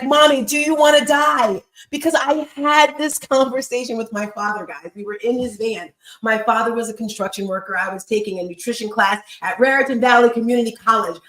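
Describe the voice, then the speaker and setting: A woman's voice: fairly high pitch, reverberant, low-quality recording. A woman in her fifties hosting a motivational live chat, speaking emphatically and telling stories straight to her listeners. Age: 50s. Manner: emphatic, storytelling, talks to the audience directly. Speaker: host.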